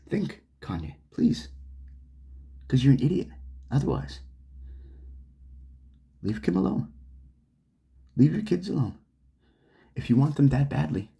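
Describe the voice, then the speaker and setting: Furious male vlogger, profane sarcastic rant, lively up-and-down delivery. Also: mid-range voice, gravelly. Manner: swearing, heated, sarcastic. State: angry.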